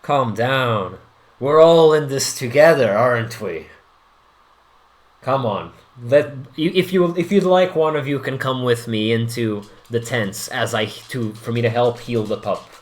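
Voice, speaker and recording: A man's voice: medium pitch, unhurried, natural voice. A man playing a sly, creepy fat duke. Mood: coaxing. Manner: coaxing, falsely soothing.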